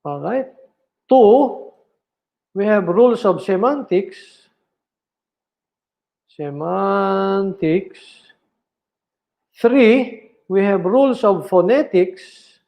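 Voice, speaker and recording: A man's voice: high-pitched, lively intonation, slow pace, warm tone. Filipino-accented male lecturer quizzing his class. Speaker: philosophy lecturer.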